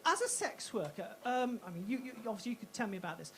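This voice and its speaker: A woman's voice: a little high, big pitch swings, quick pace. A woman doing a stand-up comedy set on a club stage, brash and punchy with self-mocking asides.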